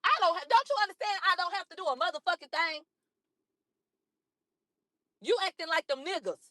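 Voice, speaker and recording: A hoarse woman from a cold, ranting combatively and profanely at critics on a livestream, repeating herself. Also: very high voice, a little fast, pushed and bright, no room sound, studio quality. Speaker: livestream host. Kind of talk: heated livestream rant.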